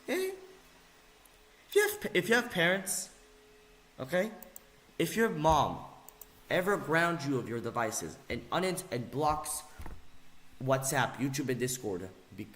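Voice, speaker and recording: A young man ranting angrily on video, mocking and insulting, swinging between low mutters and loud yells. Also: animated, unhurried, pauses often. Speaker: video ranter. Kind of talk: angry rant video. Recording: echoey room.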